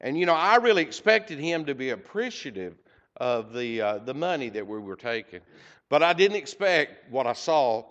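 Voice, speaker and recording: Guy talking to his church, halting and choked up, lots of uhs, kinda dull lo-fi recording. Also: medium pitch, very animated, fairly bright tone. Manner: halting, emotional, many fillers. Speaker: church member giving a mission report. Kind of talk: storytelling church talk. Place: church sanctuary.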